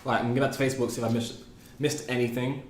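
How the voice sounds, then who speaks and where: A man's voice: mid-range voice, little pitch movement, racing, reverberant. A man co-hosting a game live stream, chiming in with brief remarks and quips. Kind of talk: casual live-stream banter.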